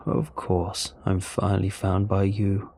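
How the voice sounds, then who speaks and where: A man voicing a stranded male alien in a storybook reading, speaking slowly in a low, gravelly voice. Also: completely flat delivery, darkish tone, exaggerated voice. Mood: rueful. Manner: slow, drawn-out delivery. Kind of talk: storybook narration.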